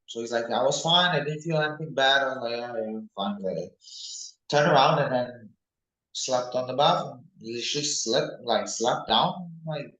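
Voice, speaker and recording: A young man, a mixed martial arts fighter, talking casually and excitedly in an interview, rambling from one thought to the next. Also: mid-range voice, lo-fi sound. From United Kingdom. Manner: rambling, excitable, animated when recalling fights. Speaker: MMA fighter, interview guest. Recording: echoey room.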